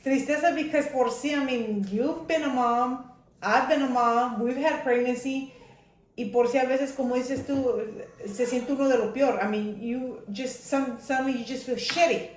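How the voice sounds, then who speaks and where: A woman's voice: high voice, steady tone, moderate pace, echoey room. A woman co-hosting a podcast, speaking earnestly in casual chat and mixing English and Spanish. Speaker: podcast co-host.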